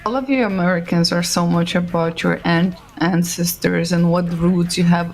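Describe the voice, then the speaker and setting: A woman talks in a casual, animated way and acts out quoted lines. Her voice has a lot of vocal fry. Faint music sits behind her. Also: fairly low pitch, normal speed, few pauses, low-quality recording. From Slovenia. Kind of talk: casual chat.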